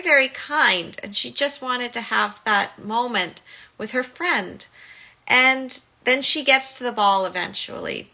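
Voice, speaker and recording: Woman, podcast host, bright clear tone, chatty animated retelling. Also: mid-range voice. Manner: animated retelling, acting out quotes. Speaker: podcast host and motherhood coach. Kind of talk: casual solo podcast monologue.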